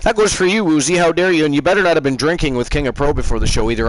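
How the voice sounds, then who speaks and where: A man's voice: on the high side, rapid-fire, few pauses, poor audio. A man hosting a live stream, teasing and rambling through casual banter. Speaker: host.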